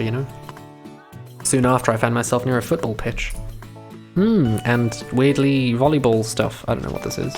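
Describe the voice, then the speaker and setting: A young man live-streaming a visual novel, reading the text aloud and breaking off into chatty, profane commentary. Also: medium pitch.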